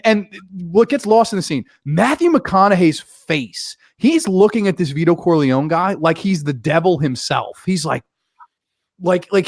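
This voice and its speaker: A man talks through a film in casual chat, laughing often and slipping into voices to act out scenes. His voice sits high and swings widely in pitch. The sound is dry and close. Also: no room sound. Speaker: podcast co-host. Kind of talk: casual movie review chat.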